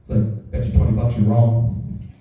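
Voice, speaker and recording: A man's voice: medium pitch, moderate pace, phone-quality sound. Profane young man telling stand-up stories. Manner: profane, animated, acts out quoted voices. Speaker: stand-up comedian. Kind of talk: stand-up storytelling. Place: live comedy show in a house. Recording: echoey room, mic far off.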